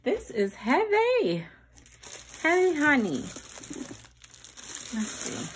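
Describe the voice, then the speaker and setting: A woman, chatting excitedly to viewers in a casual unboxing vlog, calling them y'all. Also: slow pace. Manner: squeals up high when thrilled. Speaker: vlogger.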